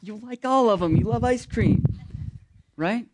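A casual, shrugging God, as a man puts him on in a sermon joke. He sounds offhand and slangy, with a high voice. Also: a little slow, background noise. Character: laid-back God, a male deity shrugging off a question.

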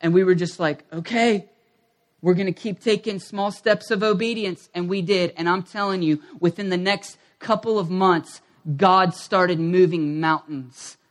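High voiced guy preaching, middle aged, tells his story and does everyone's voices. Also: moderate pace, hardly any pauses. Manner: animated, acts out quoted voices. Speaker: pastor. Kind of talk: sermon storytelling.

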